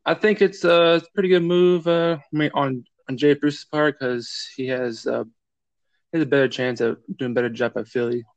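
Guy reading sports news, halting, smooth voice, muffled dry sound. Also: mid-range voice, fairly even intonation, dry recording. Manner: halting, many fillers. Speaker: podcast guest analyst. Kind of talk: casual podcast chat.

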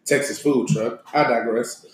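A man telling a story in casual chat with friends, animated and laughing as he goes. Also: mid-range voice, measured pace, slight background noise. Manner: animated, laughing, mimics others' voices. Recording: echoey room.

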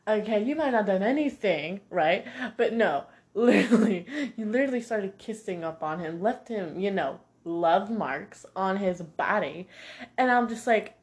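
A young woman vlogger chatting casually about a series, animated and gossipy, with sassy asides. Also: medium pitch, measured pace. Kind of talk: casual chat reviewing a series.

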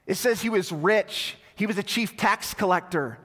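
Pastor preaching in a reverberant sanctuary. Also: male voice, normal speed. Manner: storytelling, falls soft and low when inviting. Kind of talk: sermon. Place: church sanctuary. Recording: long hall reverb.

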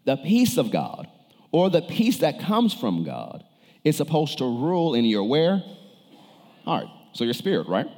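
A man's voice: fairly high pitch, huge pitch swings, unhurried, darkish tone, in a large hall. A male pastor preaching a sermon, turning to the congregation with questions and cues. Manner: preaches with shifting emphasis, calls on the congregation.

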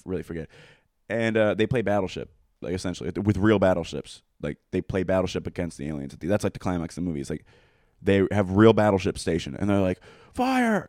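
A man's voice: low voice, a little mellow, dry recording, studio quality. A young man telling crude, rambling stories in casual chat, swearing and laughing often.

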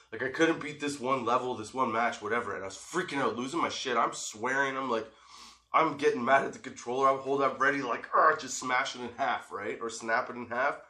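Middle-aged dad rambling a sweary story w/ lots of laughs, bright forceful voice, echoey room. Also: male voice, mid-range voice. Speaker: father telling a story. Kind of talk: casual storytelling vlog.

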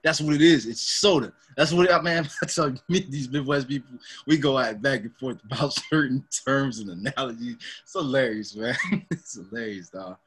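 A man's voice: medium pitch, a little fast, hardly any pauses, fairly bright tone, breathy edge. A young man co-hosting a podcast in casual chat, laid-back, laughing often and calling his friend man and dog. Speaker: podcast co-host.

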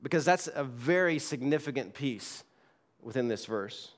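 A man's voice: mid-range voice, expressive, normal speed. A man pastor preaching a sermon in a church, reading scripture aloud and repeating key words for emphasis. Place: church sanctuary.

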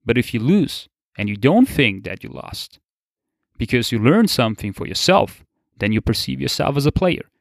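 A man's voice: mid-range voice, very animated, moderate pace, creaky, no room sound, clean studio sound. A young man giving a casual motivational monologue, laid-back, swearing casually and laughing often. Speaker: motivational podcaster.

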